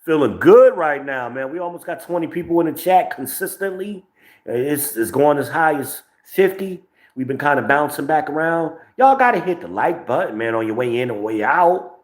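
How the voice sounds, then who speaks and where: A man's voice: a little high, animated, moderate pace, echoey room. A man from New Jersey with a New Jersey accent, hosting his podcast in brash, profane, rambling talk, recorded on a phone with no microphone. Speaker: podcast host. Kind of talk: profane livestream commentary.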